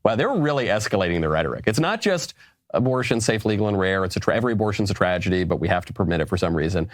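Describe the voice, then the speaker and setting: A man's voice: fairly low pitch, lively intonation, racing, dry recording, clean studio sound. A man giving political commentary in a sarcastic, lecturing way. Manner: sarcastic, lecturing, laughs at his own points.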